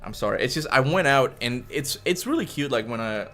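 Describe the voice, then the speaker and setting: Medium-pitched and a bit bright, this man's voice moves briskly and with animation. Out of breath, the gaming streamer chats playfully on a casual livestream from his home desk using a desk mic, now and then baby-talking to his cat.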